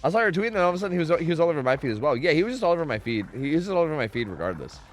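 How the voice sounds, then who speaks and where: A male streamer chatting casually with his viewers, his voice swinging high and low as he rants and curses freely. Faint music plays quietly underneath. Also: racing. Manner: animated, profane, ranting. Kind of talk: casual chat.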